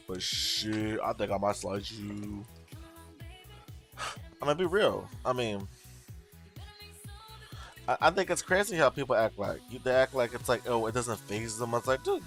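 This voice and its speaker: A man's voice: mid-range voice, fairly bright tone. A man hosting a casual livestream, ranting bluntly with lots of swearing and answering his chat. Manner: blunt, profane, exasperated, talks back to chat. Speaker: tarot livestream host.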